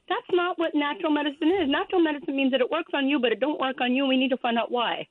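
High-voiced woman caller on tinny phone. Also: fast talker, few pauses, no room sound. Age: 50s. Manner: rambling, chatty, laughing as she talks. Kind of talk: call-in radio chat. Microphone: telephone.

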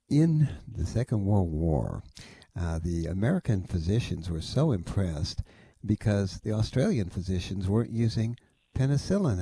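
A man's voice: fairly low pitch, warm tone, husky. A man over forty hosting a call-in health show, giving folksy, rambling advice with careful hedges. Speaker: radio health show host.

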